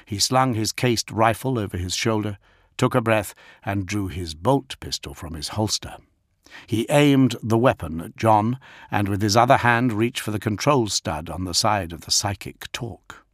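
Man narrating, low voice. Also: normal speed, no room sound, studio quality. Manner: steady, even storytelling. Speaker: audiobook narrator. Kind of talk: scripted narration.

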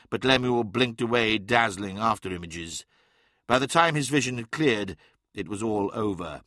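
A man narrating an audiobook in a steady, dramatic storytelling manner. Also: lowish voice, no echo, studio quality.

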